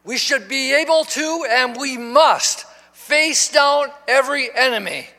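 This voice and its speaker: Pastor in his 60s, high bright tenor, slow deliberate preaching, long church reverb. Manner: preaching, swelling to shouts with call and response. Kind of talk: sermon. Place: church sanctuary.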